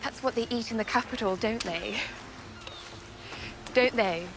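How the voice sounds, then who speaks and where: A timid, posh noblewoman frets in a fluttery, fussy way,. Her voice sits a bit high, with background noise under the film clip. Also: a little slow, vocal fry. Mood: fretful. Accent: posh English.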